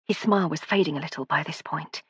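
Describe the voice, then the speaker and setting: A woman narrates a story in first person with measured pacing. Her voice sits low and husky, and the close recording is dry with no room echo. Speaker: audiobook narrator.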